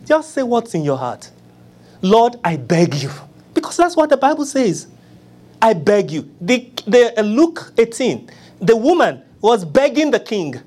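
A preacher delivering a sermon, pleading and acting out prayers, swinging from loud cries to hushed murmurs. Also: sing-song, moderate pace. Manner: acts out begging prayers in a low, soft voice.

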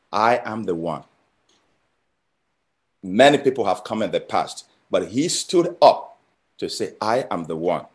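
Guy preaching, punchy and repetitive, mid pitch, swells up then drops low. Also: a little mellow. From Nigeria. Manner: emphatic, with rising and falling intensity and repeated phrases. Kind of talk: sermon.

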